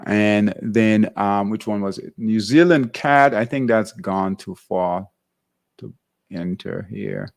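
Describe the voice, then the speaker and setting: A man's voice: fairly low pitch, slow, creaky. A man hosting a live trading workshop, thinking aloud over charts and checking in with "all right?" between phrases. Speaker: trading show host.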